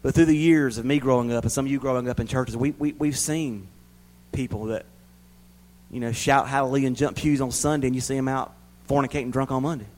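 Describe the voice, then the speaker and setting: A man preaching a sermon in a folksy way, repeating words for emphasis and swinging between loud emphatic bursts and quiet asides. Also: mid-range voice, fairly even intonation, fairly quick, low-quality recording.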